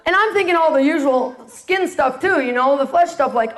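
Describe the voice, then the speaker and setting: A woman giving a lively spoken testimony to an audience, acting out the people in her story and laughing often. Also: high voice, normal speed. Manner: animated storyteller, acts out quotes, laughs often. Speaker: ministry speaker sharing testimony.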